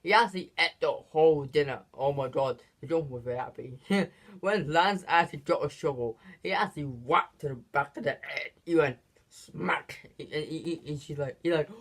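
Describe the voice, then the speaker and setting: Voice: medium pitch, normal speed, a bit bright. A channel host giving a casual, unscripted movie review, rambling with lots of fillers and restarts and giggling often between phrases.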